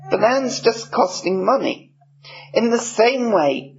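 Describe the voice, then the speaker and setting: A man preaching a sermon. He reads scripture in a measured way and explains it. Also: sits high, gravelly. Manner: measured, slow reading of scripture. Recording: dull lo-fi recording.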